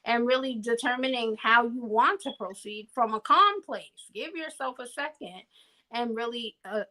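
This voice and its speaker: High, bright-voiced earnest woman. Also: moderate pace, rough recording. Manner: earnest, musing, often asks "you know what I mean?". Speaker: podcast co-host. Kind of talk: casual reflective chat.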